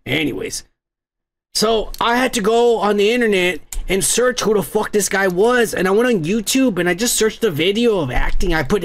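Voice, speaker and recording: A young American man hosting a podcast in a rambling, profane comedic rant. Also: sits high. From United States. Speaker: podcast host.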